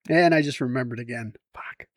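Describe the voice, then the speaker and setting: A man's voice: medium pitch, dry recording, studio quality. A middle-aged man talking to camera at home in a rambling, self-mocking way and laughing often. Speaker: vlogger. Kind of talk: rambling casual vlog.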